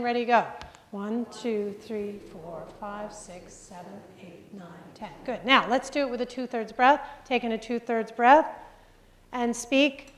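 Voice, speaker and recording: A young adult woman coaching speakers through breathing and counting drills in an upbeat instructional lesson. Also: high-pitched.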